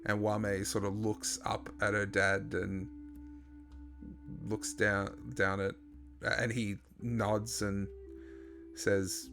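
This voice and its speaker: A man narrating a tabletop role-playing game as game master, pausing often with fillers. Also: on the low side, level tone, fairly bright tone, faint music behind. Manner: halting, with many fillers.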